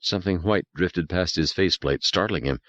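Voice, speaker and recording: A man's voice: low voice, fairly quick, fairly bright tone, dry recording, lo-fi sound. A man narrating an audiobook in a dramatic, suspenseful reading style. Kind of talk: scripted narration.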